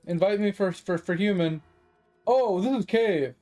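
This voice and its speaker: Man, gaming streamer, high pitched, mellow tone, swearing rant, faint music behind. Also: animated, normal speed. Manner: frustrated ranting, swearing, laughing it off. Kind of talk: live-stream venting while playing.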